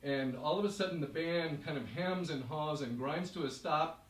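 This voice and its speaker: A man performing a live story in second person, narrating in a vivid, measured way to an audience. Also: on the high side. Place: stage in a hall. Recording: echoey room, voice from far off.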